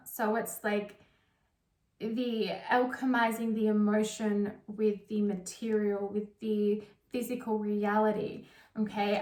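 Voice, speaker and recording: A woman's voice: fairly high pitch, roomy sound, recorded from a distance. A woman giving a casual, chatty tarot reading, swearing freely and stretching out her emphatic phrases. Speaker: tarot reader.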